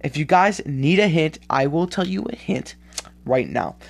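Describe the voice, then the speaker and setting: A man's voice: medium pitch, animated, measured pace, vocal fry. A man hosting a solo sports podcast, talking in a loose, rambling way with lots of ums, sounding tired. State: tired, yawning. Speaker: podcast host.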